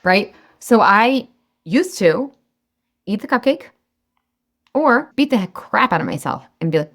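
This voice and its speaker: A woman's voice: mid-range voice, animated, measured pace, a bit bright. A woman in her thirties coaching a webinar audience on weight loss, chatty and encouraging, sometimes acting out her own inner voice.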